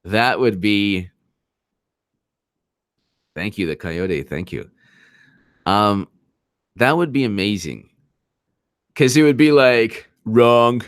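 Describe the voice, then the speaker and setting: A man's voice: fairly low pitch, lively intonation, slow, pauses often, clear, resonant tone, dry recording, studio quality. A man hosting a casual political commentary livestream, rambling, mocking, and reading out chat. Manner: laughs while reading chat. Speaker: livestream host.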